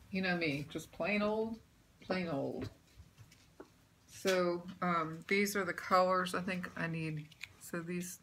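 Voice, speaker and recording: In a relaxed show-and-tell from home, a woman who vlogs about cross-stitch rambles about her stitching projects, filling the talk with ums and restarts. Her fairly low voice is a bit bright, with slight background noise behind it.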